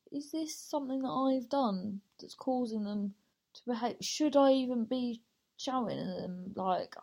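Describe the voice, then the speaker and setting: Woman host, rambling sweary solo chat, a bit high-pitched. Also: darkish tone. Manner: chatty, rambling, sweary and self-mocking. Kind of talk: casual monologue.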